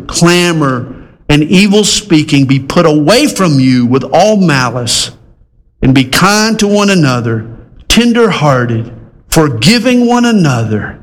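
A man preaching a sermon, folksy and humorous, rising to loud emphatic exhortation and dropping low and slow. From American South.

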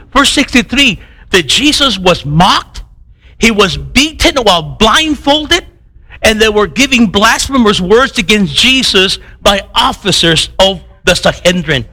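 A man preaching a sermon in a conversational, animated way, asking rhetorical questions and often repeating words as he restarts phrases. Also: high voice, rough recording. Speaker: pastor.

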